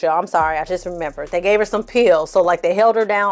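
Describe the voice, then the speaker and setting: A woman's voice: fairly low pitch, normal speed, soft background music. A woman host giving a casual, blunt movie recap, full of swearing and exasperated asides, acting out the characters' lines. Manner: blunt, profane, exasperated storytelling with acted-out quotes. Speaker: film review host.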